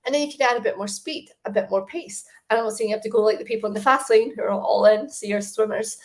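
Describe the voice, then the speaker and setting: A woman speaks as a fitness coach in a relaxed, conversational way. Her pitch sits in an ordinary middle range, and she keeps her tone encouraging. She often turns to the listener with questions. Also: fast. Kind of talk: casual advice talk to camera.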